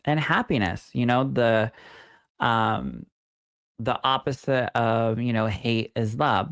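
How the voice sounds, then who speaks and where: A man co-hosting a podcast, chatting casually and reading listener messages aloud, affectionate and sassy. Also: medium pitch. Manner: warm, affectionate, sassy asides. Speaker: podcast co-host and psychic medium.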